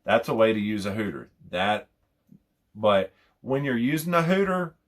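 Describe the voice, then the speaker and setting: A man's voice: on the low side, very animated, moderate pace. Rambling man explaining hunting calls. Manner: rambling, repeats phrases, imitates owl hoots. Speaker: hunting call instructor. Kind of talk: casual how-to demonstration.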